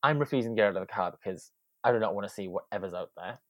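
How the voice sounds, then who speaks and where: A young Welsh man appears as a podcast guest, telling a casual story with animation and dramatically acting out the quotes. His voice is on the low side and very fast, with no echo.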